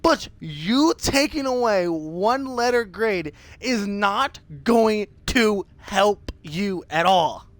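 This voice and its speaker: A streamer telling an indignant story on a live stream, animated and fond of asking "okay?" to press the point. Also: medium pitch, takes it slowly, hardly any pauses, dry recording. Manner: animated storytelling with big swings of voice.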